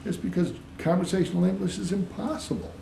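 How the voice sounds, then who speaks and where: A man talks in a patient, teacherly way, often spelling words out letter by letter. His voice is mellow and relaxed. The recording sits in an echoey room with a faint hiss behind it. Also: high-pitched, fast, vocal fry. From United States. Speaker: interviewee. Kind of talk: casual explanatory interview.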